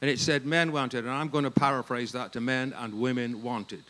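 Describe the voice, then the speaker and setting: An English man speaking at a ministry staff gathering, telling humorous stories in an animated, jokey way and laughing often. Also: medium pitch, a little fast. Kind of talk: humorous storytelling talk.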